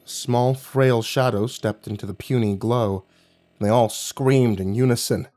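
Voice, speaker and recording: A man's voice: medium pitch, unhurried. A man narrating a horror story in a dramatic, scripted style. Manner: dramatic, lively delivery.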